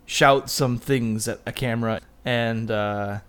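A man co-hosting a podcast, telling a story casually, laughing often and trailing off softly. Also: medium pitch, steady tone, takes it slowly, smooth. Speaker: podcast co-host. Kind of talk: casual chat.

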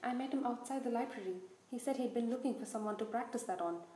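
A woman's voice: on the high side, quick pace, warm tone, reverberant, slight background noise, natural voice. A woman voicing a timid teenage boy who mumbles shakily. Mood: shaken. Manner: shaky, mumbling, choked.

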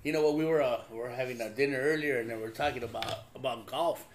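A man's voice: mid-range voice, fast, a little hiss or hum. A man hosting a podcast, telling loose, profane stories in casual chat with frequent laughter. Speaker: podcast host.

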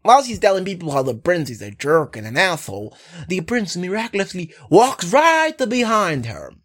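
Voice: mid-range voice, very animated, moderate pace. A casual, sarcastic film recap that rambles with frequent asides, swears, and then apologizes for it. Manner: sarcastic, rambling, keeps saying "anyway".

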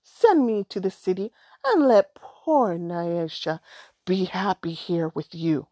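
A woman's voice: a little high, a little fast, dry recording, studio quality, voice pushed up, lightly acted. A woman voicing a proud, greedy young woman who is scornful and imperious in a storybook. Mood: sweet-false.

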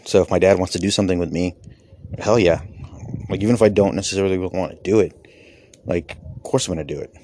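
A man's voice: low-pitched, quick pace, pauses often, dark tone, slight background noise. A man who does stand-up and podcasts, a father himself, talking in a rambling, candid way, with casual swearing. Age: adult with children. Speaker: comedian and podcaster. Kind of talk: casual personal reflection.

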